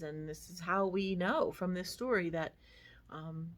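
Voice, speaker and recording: A woman pastor giving a casual devotional reflection, talking conversationally with many fillers and asides. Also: fairly low pitch.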